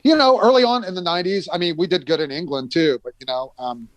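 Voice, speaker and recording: A man's voice: on the high side, quick pace, no room sound. A middle-aged American man telling rambling tour stories in a casual chat, full of fillers and restarts, sometimes acting out the people he quotes.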